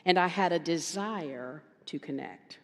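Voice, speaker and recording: Woman minister, lower voice, storytelling sermon with lively quoted dialogue, long hall reverb. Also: unhurried. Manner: storytelling, animated quoted voices, emphatic repetition. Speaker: guest minister. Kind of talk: conversational sermon.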